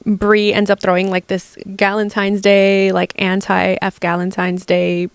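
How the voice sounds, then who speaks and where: A young adult woman hosting a casual gossip podcast, animated and exasperated, full of "like" and swearing. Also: mid-range voice, a little slow, smooth, no room sound. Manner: animated, heavy use of "like", profane, exasperated. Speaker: podcast host.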